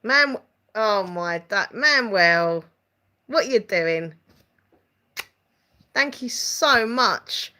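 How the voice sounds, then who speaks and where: A woman's voice: medium pitch, animated, extremely slow, long pauses, sharp tone. A woman with an Essex accent, hosting a casual live stream, rambling and reading out viewer comments. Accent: Essex English. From England.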